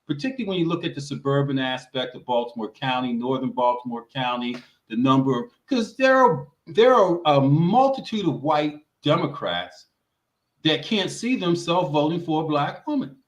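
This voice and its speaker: A man's voice: on the high side, lively intonation, normal speed. A man giving emphatic political commentary on a roundtable, often repeating words as he starts a point. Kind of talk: roundtable discussion. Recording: roomy echo.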